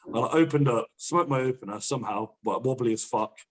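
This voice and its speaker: A young man, a powerlifter guest on a podcast, telling rapid, sweary anecdotes in casual chat. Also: medium pitch. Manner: fast, swearing, laughing anecdotes.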